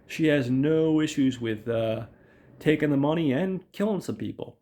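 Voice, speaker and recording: A man's voice: on the high side, moderate pace, warm tone. A man hosting a casual show and recapping a film in a chatty, rambling, profane way. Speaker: podcast host.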